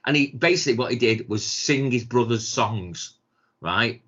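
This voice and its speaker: A middle-aged man with a Manchester accent, chatting casually on a podcast, sweary and animated, laughing often. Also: medium pitch, moderate pace, muffled recording. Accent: Mancunian. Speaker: podcast co-host. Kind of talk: casual chat.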